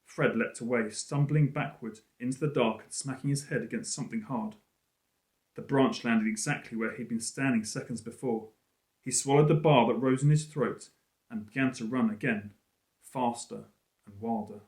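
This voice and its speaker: A male teacher reading a storybook aloud in an expressive, lively way. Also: medium pitch, normal speed. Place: school room. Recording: roomy echo.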